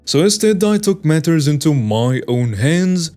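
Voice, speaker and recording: A man narrating online stories in a plain, steady reading voice. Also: fairly high pitch, measured pace, soft background music. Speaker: story narrator.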